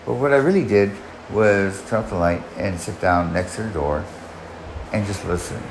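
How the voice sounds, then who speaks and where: Lower-pitched man telling a rambling story. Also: moderate pace, reverberant, noisy background. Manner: rambling, frequent restarts and profanity. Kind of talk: casual personal storytelling.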